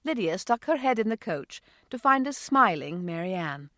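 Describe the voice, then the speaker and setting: A woman narrating an audiobook in a smooth, expressive reading voice. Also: mid-range voice, normal speed, hardly any pauses, dry recording, clean studio sound. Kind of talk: scripted narration.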